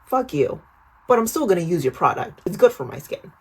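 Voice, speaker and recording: A young woman in her twenties tells a storytime to her viewers with a slightly husky, breathy voice that sits a little low. She is chatty and animated, swears freely and keeps calling the viewer "girl" as she works through her skincare routine. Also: fairly quick. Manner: talks while doing a skincare routine. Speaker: vlogger. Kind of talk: casual storytime vlog.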